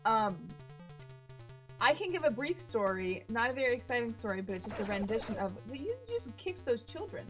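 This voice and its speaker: A woman's voice: fairly high pitch, sing-song, normal speed, soft background music, low-quality recording. Woman telling a meandering story. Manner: meandering, filler-heavy anecdote. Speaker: streamer's wife. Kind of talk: casual storytelling.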